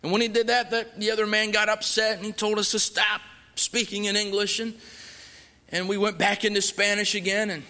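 A man shares his testimony from the pulpit in an earnest, emphatic way. His voice is fairly high, bright and forceful. The church adds a long, lingering reverb. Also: flat delivery, fairly quick. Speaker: missionary guest speaker. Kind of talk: sermon testimony. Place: church sanctuary.

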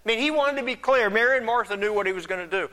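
A man delivers a sermon in a bright, forceful voice that sits a little high for a man. He moves from quiet, reflective stretches to rising, emphatic preaching. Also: rapid-fire. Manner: builds from soft reflective to loud emphatic preaching. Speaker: pastor.

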